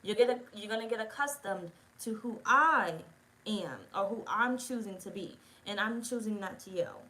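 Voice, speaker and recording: A woman's voice: medium pitch, lively intonation, normal speed, bright, forceful tone, rough recording. Female tarot reader, loose and profane, keeps checking in with the audience. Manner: rambling, profane, talks straight to viewers. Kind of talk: casual spoken tarot reading.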